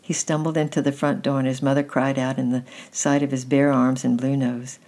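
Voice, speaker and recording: A woman gently reading a children's story aloud at an unhurried pace. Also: rumbling low, level tone.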